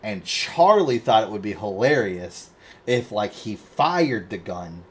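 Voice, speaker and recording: A man's voice: lowish voice, very animated, slow, breathy edge. A man hosting a podcast, telling a long rambling story in casual chat and swearing constantly. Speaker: podcast host.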